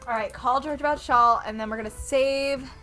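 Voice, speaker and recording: A young woman streaming a video game, chatting casually and excitably and swearing freely. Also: high-pitched, moderate pace, faint music behind.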